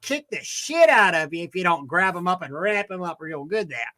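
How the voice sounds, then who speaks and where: A man's voice: sits high, very animated, normal speed, sharp tone, heavily acted. A man voicing a rowdy Australian bloke with a put-on Australian accent, rambling crudely about beef and kangaroos. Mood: jokey bragging. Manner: rambling, crude, stumbling over words. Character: man putting on a rowdy Aussie bloke talking to a waiter.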